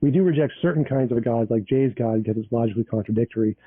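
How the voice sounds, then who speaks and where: Husky man arguing on a call. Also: mid-range voice, rapid-fire, dry recording. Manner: insistent, pleads for time to speak. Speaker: debater. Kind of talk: live debate. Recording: dry tinny call audio.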